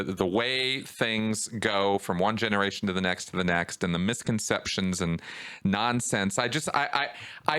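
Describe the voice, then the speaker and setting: A man hosting a podcast interview, talking in a lively way, his voice climbing higher when he gets worked up. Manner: animated, voice rises when riled up. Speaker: podcast host.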